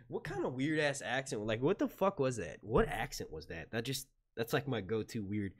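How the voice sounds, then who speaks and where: Rambling, lively male streamer. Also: mid-range voice, a little fast. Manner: rambling, swearing, laughing, lively. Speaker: streamer and show reviewer. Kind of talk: casual livestream chat with viewers.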